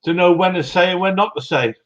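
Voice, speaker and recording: A man's voice: high voice, quick pace, fairly bright tone, dull audio. A man hosting a casual group video call, friendly and teasing, calling everyone mate. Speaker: livestream host.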